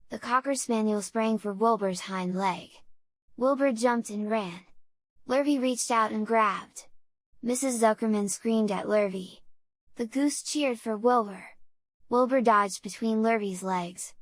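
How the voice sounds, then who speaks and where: Lady reading a kids' story out loud, calm steady pace, slightly high voice, dry sound. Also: a little slow, no echo. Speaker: audiobook narrator. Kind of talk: children's audiobook reading.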